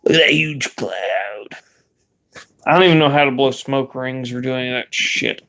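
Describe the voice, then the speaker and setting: A man's voice: mid-range voice, expressive, moderate pace, vocal fry, bright, forceful tone. A young man vlogging in a rambling, laid-back way, swearing casually as he chats. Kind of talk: casual vlog chat.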